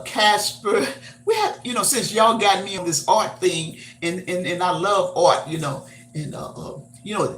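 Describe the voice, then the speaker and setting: An older woman hosting a live stream, chatting casually and haltingly with many fillers and repeated words. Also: lowish voice, a little hiss or hum. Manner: reminiscing, homespun. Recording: roomy echo.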